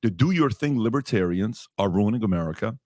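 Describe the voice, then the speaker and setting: A podcast host with a lowish, dark-toned voice rants animatedly and fairly quickly through a story. He repeats his points with emphasis and performs the people he quotes, in a played clip with a dry recording and studio quality.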